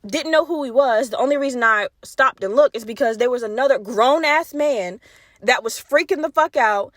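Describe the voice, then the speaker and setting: A woman's voice: on the high side, normal speed, no echo, clean studio sound. A young woman hosting her own podcast, chatting casually and animatedly, swearing and laughing, with a slight stutter. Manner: animated, swearing, laughing, talks straight to listeners. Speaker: podcast host. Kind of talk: casual solo podcast chat.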